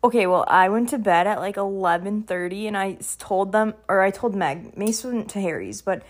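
A woman's voice: medium pitch, normal speed. A young woman chatting casually in a vlog, rambling with lots of fillers and restarts, laughing often as she talks while packing at home. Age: young adult. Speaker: vlogger. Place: indoors at home, packing and moving around.

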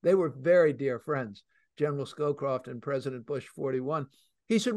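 A man hosting a radio talk show, telling stories emphatically with many pauses and fillers. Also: mid-range voice, lively intonation, a little mellow, no room sound, studio quality. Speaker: host.

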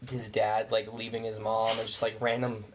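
A man's voice: on the low side, completely flat delivery, normal speed, a little hiss or hum. Rambling young man telling a story. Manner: rambling, heavy use of "like", swearing. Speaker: podcast co-host. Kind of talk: casual chat, storytelling.

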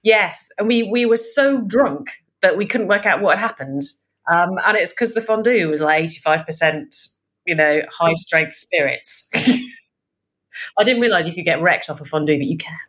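Animated woman telling anecdotes, lowish voice. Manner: animated storyteller, quick laughs. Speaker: podcast co-host. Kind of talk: casual podcast chat.

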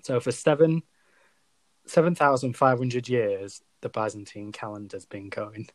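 A man's voice: medium pitch, flat delivery, measured pace, dry recording. A British man hosting a casual chat, quizzing and teasing his co-host and laughing easily. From Britain. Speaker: podcast co-host.

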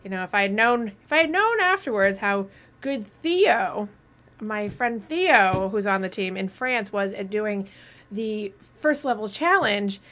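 A woman's voice: medium pitch, expressive, a little slow, fairly bright tone. A woman hosting a casual live stream, chatty and rambling, often laughing.

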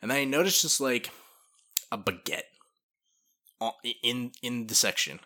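A man's voice: medium pitch, animated, normal speed, pushed and bright. A man co-hosting a podcast, chatting casually with short backing replies and playful teasing. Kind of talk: casual chat.

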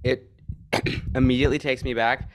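A man's voice: medium pitch, fairly even intonation, normal speed, slight background noise. A young man hosting a casual podcast, laid-back and laughing as he runs through a ranked list. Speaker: podcast host.

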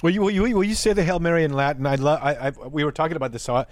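A man's voice: a little high, rapid-fire. A man hosting a faith talk show, speaking earnestly and often repeating words as he searches for phrasing. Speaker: host.

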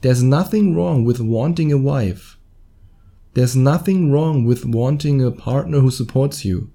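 Speaking a little slowly, a German-accented podcast host in his thirties runs his show alone. The voice is middle-pitched, very dark and mellow, and the tone is chatty, with chuckles at his own errors.

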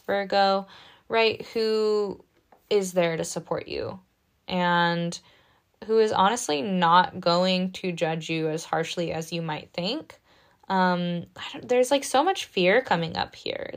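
A woman giving a casual spoken tarot reading in a gentle, reassuring, chatty way, often tagging her lines with "right?". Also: lowish voice, smooth. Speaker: tarot reader.

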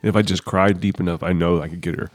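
A man's voice: low-pitched, steady tone, fast, no room sound. A man in casual comedic chat, joking and laughing often as he acts out silly scenarios.

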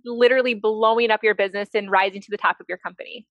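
A woman's voice: mid-range voice, steady tone, racing, no room sound, dull audio. A woman hosting a podcast and working as a coach, asking her guest questions in an encouraging way and often answering with brief words of agreement. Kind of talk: interview questions.

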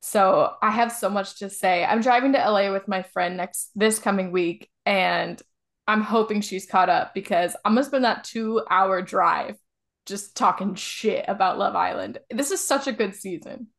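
A woman's voice: mid-range voice, moderate pace, gravelly, fairly bright tone. A young woman co-hosting a podcast in easy, chatty conversation. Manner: chatty, reacts with surprise. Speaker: podcast co-host. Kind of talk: casual chat.

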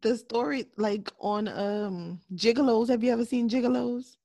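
A woman's voice: on the high side, steady tone, moderate pace, vocal fry, no room sound. Candid woman podcast host, dry sound. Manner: candid, laughs often, drops into a soft voice. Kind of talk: casual chat.

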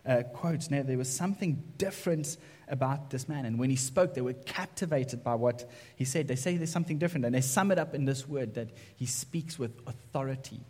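In a church sanctuary, a male pastor preaches a conversational sermon, often checking in with "right?" His medium-pitched voice is brisk and mellow, carried by echoey church hall reverb.

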